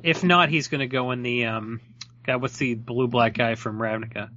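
A man's voice: mid-range voice, fairly even intonation, bright, forceful tone, highs cut off. A man co-hosting a podcast, chatting casually about card values with wry jokes. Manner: wry, joking, quick asides. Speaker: podcast co-host. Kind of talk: casual card-review chat.

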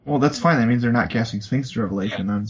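A man's voice: mid-range voice, fast talker, highs cut off. A man co-hosting a podcast, teasing the others and steering the card talk along. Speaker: podcast co-host. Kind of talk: casual card-review chat.

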